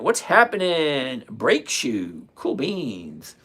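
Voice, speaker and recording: A man, hosting a casual trading livestream and chatting with viewers by name, relaxed and quick to laugh. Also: medium pitch, slightly rough. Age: 60s. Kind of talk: casual livestream chat reading viewer comments.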